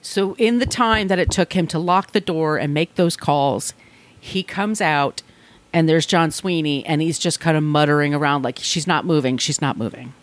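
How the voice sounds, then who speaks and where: A woman's voice: sits low, normal speed. A woman co-hosting a podcast, telling a true crime story in a blunt, conversational way. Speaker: podcast co-host.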